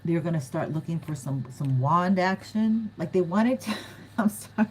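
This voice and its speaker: Woman tarot reader, low-ish voice, casual and giggly, faint background hiss. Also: expressive, normal speed, mellow, low-quality recording. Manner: chatty, giggly, acts out quoted voices. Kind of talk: casual tarot reading to viewers.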